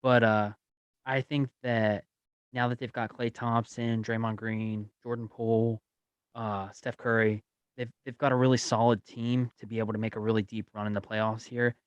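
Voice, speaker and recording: A man's voice: fairly low pitch, flat delivery, normal speed, clean tone, no echo, muffled recording. A young man co-hosting a sports podcast, speaking hesitantly with many fillers. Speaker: podcast co-host. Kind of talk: casual sports chat.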